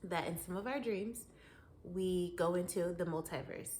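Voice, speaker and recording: A woman hosting her own talk show, spinning a long story in a loose, chatty monologue. She is animated, laughs often, and speaks straight to the listener. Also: lowish voice, normal speed, slight background noise. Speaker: podcast host.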